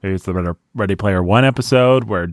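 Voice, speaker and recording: A man hosting a book podcast in casual chat, playful and upbeat as he reads off listener shout-outs. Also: fairly low pitch, fast talker, dry recording, studio quality. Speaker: podcast host.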